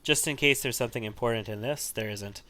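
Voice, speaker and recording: A man's voice: mid-range voice, fast, pushed and bright, slight background noise. A man giving casual commentary while he plays a role-playing video game, chatty and thinking aloud. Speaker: let's-play host.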